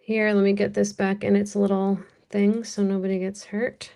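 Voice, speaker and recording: An American woman leads a live-streamed jewelry auction, calling bids and describing pieces in a chatty, unhurried way. Her mid-range voice is warm and creaky, with a monotone delivery.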